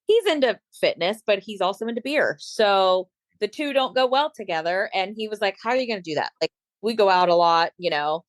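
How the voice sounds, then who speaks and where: A chatty woman in her late thirties or forties, a bodybuilder and fitness coach, telling stories on a podcast and playing out both sides of each conversation. Her voice sits in an ordinary middle pitch. The sound is dry and close, with no room echo. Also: lively intonation, fairly quick. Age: late 30s or 40s. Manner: chatty storyteller, acts out quoted dialogue. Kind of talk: casual chat.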